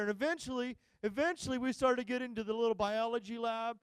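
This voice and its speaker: Man, pastor, very high voice, smooth, dry close sound, animated storytelling sermon. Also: fast, few pauses, dry recording. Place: church sanctuary.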